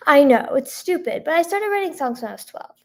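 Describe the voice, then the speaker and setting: Hoarse woman, gravelly fry, higher than most women, chatty livestream host full of "like" and "um". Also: expressive, moderate pace. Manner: chatty, lots of "like" and "um", thanks viewers by name. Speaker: singer-songwriter streaming to her chat. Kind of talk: casual livestream chat.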